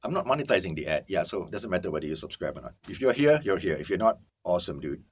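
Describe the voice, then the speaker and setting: This host talks fast in a low, sing-song voice, with slight background noise behind him. He's giving a casual audio-recording lesson from a compact soundproofed booth, stressing his points and repeatedly checking in with the audience. A camera-mounted microphone captures him; there's no lapel mic.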